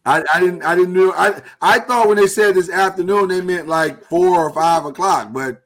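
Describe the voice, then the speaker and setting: A man hosting a live talk show, speaking earnestly and haltingly while he holds back emotion. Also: high voice. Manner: earnest, halting, with many restarts. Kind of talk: casual live-stream talk.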